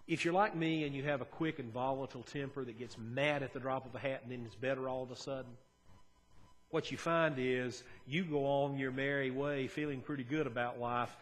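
Earnest man preaching a sermon. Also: mid-range voice. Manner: earnest, conversational preaching with shifts between soft and emphatic. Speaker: pastor.

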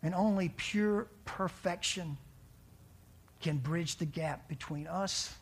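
A man's voice: on the high side, slow pace, husky. Man preaching in a conversational sermon. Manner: conversational preaching, rhetorical questions, dramatic drops to a hushed voice. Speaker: pastor.

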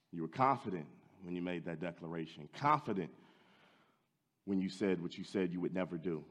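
A man preaching a sermon, telling the story with drama and swinging from loud to hushed. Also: sits low, expressive, brisk, in a large hall, muffled recording.

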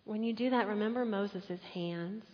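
A woman's voice: mid-range voice, normal speed. Woman preaching in an echoey hall. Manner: animated storytelling with acted-out quotes. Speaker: pastor. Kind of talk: sermon. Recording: echoey hall, dull muffled sound.

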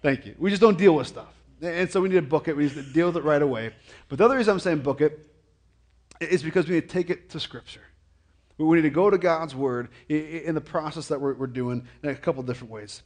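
A man's voice: a little high, quick pace. Stammering pastor man preaching casually. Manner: frequent stammered repetitions; jokey, animated asides. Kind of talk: conversational sermon.

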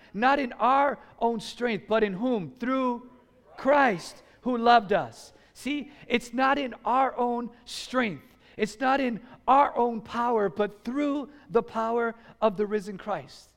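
Man, preacher, high voice, animated sermon, long reverb of a church hall. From United States. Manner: animated, pushes the congregation to shout back. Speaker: pastor. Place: church sanctuary.

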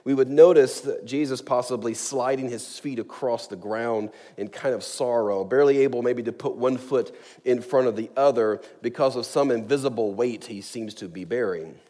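A man preaching a sermon as a pastor, earnest and emphatic, slowing down to stress key words. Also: mid-range voice, warm tone. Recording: long reverb of a large hall.

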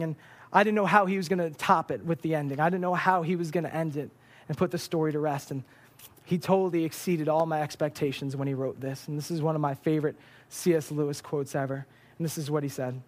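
A young man preaching a sermon from a church stage, earnest and emotional, often repeating words as he is moved. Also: fairly high pitch.

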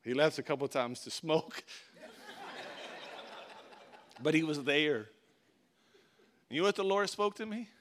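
A man preaching from the pulpit, telling a personal story with lively acted-out quotes, loud bursts and hushed asides. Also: on the high side, moderate pace. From Florida. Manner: animated storyteller, acts out quotes, big swings in loudness. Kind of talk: sermon storytelling.

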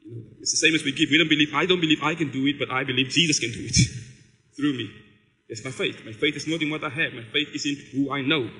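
A man's voice: fairly high pitch, quick pace, pushed and bright, in a large hall, low-quality recording. A man, a pastor, giving a conversational sermon and telling stories with quoted dialogue.

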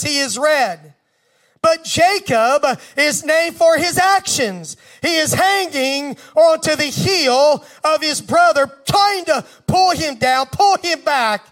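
A man's voice: very high voice, a bit bright. A man preaching a sermon, retelling a scripture story with emphatic repetition and asides to the congregation.

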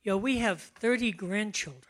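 An older man preaching a conversational sermon, relaxed and chatty, often laughing and slowing to stress key words. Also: high-pitched. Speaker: pastor.

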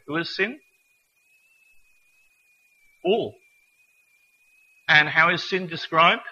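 A man's voice: on the high side, sharp tone, slightly rough, highs cut off. Earnest man preaching a sermon. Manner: earnest, reads scripture slowly and deliberately.

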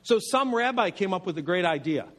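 A man preaching a sermon as pastor, animated and humorous, telling stories and asking rhetorical questions. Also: high-pitched, a little fast.

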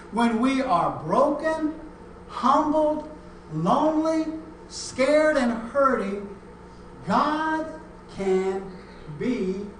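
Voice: medium pitch, slight background noise. A middle-aged pastor preaching a sermon, telling stories and then swelling into emphatic preaching. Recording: echoey room, mic far off.

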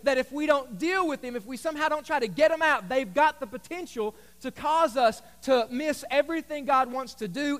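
A man with a very high voice preaches to his congregation. He talks in a loose, humorous, storytelling way. His words ring out with the long reverb of a large church hall. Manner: conversational, humorous, animated storytelling. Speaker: pastor. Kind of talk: sermon. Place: church sanctuary.

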